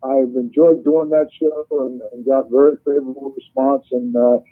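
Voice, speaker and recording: A man's voice: medium pitch, flat delivery, moderate pace. An older man, a guest calling in, telling long, winding stories in a casual way. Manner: long-winded storyteller. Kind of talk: casual storytelling on a call. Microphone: phone. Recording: tinny phone line.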